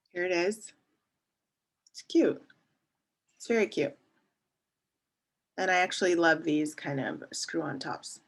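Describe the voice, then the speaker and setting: A woman's voice: on the low side, husky. A woman in her thirties talking casually in a beauty review, chatty and digressive, often laughing and reading product labels aloud. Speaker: beauty vlogger reviewing a face mask.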